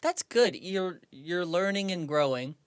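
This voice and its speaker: A man co-hosting a podcast in casual comedic chat, telling stories in a relaxed way with dry asides. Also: high voice, a little slow, clean tone, dry recording. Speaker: podcast co-host.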